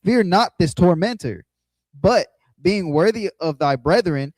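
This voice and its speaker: A man with a slightly high voice reads archaic scripture at a steady, measured pace. His voice is dry and close, with no room around it. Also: dry recording. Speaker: scripture reader. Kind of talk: reading scripture aloud.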